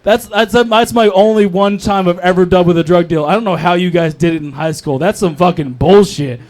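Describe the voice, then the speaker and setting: A man's voice: sits high, a little fast, darkish tone. A young man doing a crude, rambling open mic stand-up set on a comedy club stage, talking into a handheld mic.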